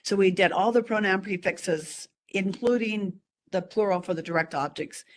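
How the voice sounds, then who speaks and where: A woman's voice: medium pitch, normal speed. Chatty woman over faint hiss. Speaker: language study group leader. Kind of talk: casual chat on a video call.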